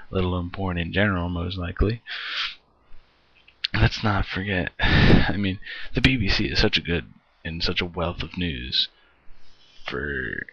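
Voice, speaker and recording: A man's voice: low voice, vocal fry, slightly rough, no echo, lo-fi sound. A young American man ranting in a frustrated vlog, swearing heavily and sighing often. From United States. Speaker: vlogger.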